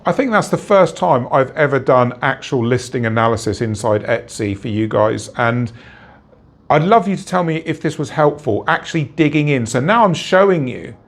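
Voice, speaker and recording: This Etsy consultant is a man with an animated, mid-range voice and a moderate pace. During a screen-share tutorial he gets blunt and emphatic, repeating words and laughing at examples that are done badly.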